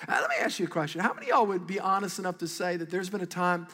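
High, bright-voiced man preaching a sermon. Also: very fast, in a large hall. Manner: animated, conversational preaching with audience call-and-response. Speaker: pastor. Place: large church auditorium.

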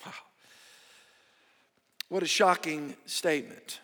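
A man preaching a sermon with emphatic, drawn-out phrases, swinging between loud and hushed. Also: sits high. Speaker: pastor. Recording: echoey hall with long reverb.

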